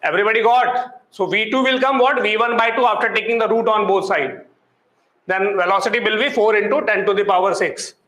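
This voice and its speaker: In a classroom problem-solving lecture, a man works through physics problems step by step, constantly quizzing his students. His voice is high-pitched, brisk, bright, and forceful with fairly even intonation, and the rough recording has a roomy sound.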